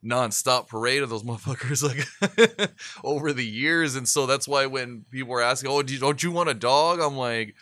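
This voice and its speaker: A man's voice: medium pitch, moderate pace, bright, forceful tone, no room sound. A man chatting casually, a laid-back storyteller who swears constantly and laughs often. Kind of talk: casual chat.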